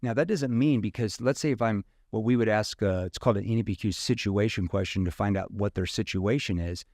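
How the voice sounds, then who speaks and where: A man's voice: fairly low pitch, brisk, darkish tone, no echo, studio quality. A man from rural Missouri, a sales trainer talking casually in an interview and acting out questions in different tones.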